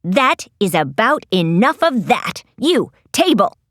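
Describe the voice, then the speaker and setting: A woman's voice: mid-range voice, animated, measured pace, no room sound, studio quality, pitched below the performer's own voice. A woman reading an audiobook, voicing an imperious, bossy teenage princess who talks in clipped, haughty commands. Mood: commanding. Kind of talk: audiobook character voice.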